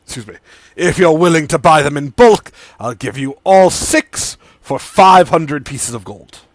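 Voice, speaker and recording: A man's voice: fairly high pitch, expressive, a little slow, dry recording, voice pushed up. A man voicing an eccentric, pompous male merchant alchemist who speaks with grand flourishes. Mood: theatrical.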